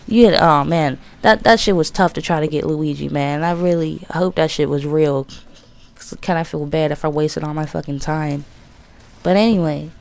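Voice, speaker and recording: A woman in her twenties, a gaming commentator, telling a childhood story in a casual, profane, animated way. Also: sits low, creaky. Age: 20s.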